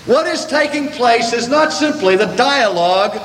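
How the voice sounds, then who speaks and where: An older man preaching a sermon to a gathering, slow and deliberate with dramatic pauses. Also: very high voice, animated, fairly bright tone, slight background noise. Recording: echoey hall from a distance.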